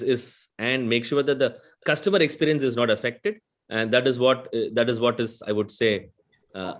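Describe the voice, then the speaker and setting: Male panelist with a South Indian accent, mid-pitched, explanatory, keeps checking in with "right?". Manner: explanatory, often adds a questioning "right?". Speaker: conversational AI vendor panelist. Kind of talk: panel discussion.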